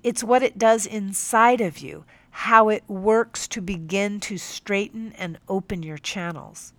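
A young woman narrating a first-person audiobook in a measured, firm, teacherly way. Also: mid-range voice, no room sound. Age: young adult.

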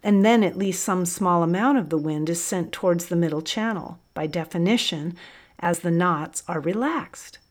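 A woman voicing an eager male army captain who talks excitedly and quickly. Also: lowish voice, lightly acted.

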